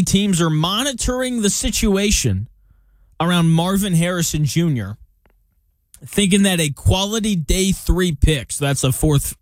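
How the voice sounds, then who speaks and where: A man co-hosting a casual sports podcast, animated and self-mocking, with many restarts. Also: on the high side, no echo, clean studio sound.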